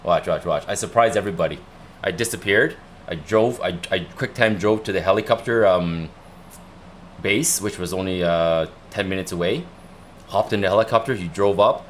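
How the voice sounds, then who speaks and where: Casting: young male streamer, low voice, loose rambling storyteller, faint room noise behind. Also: moderate pace. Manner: chatty, rambling, repeats himself. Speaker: livestream host. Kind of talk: casual livestream storytelling.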